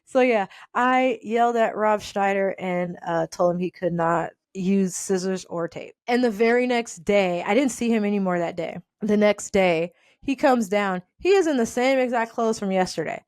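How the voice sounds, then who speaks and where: Woman doing a storytime, animated, keeps laughing, acts out people, middle pitch, dry close sound. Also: moderate pace, hardly any pauses, no room sound. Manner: laughs often while telling. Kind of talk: casual storytime.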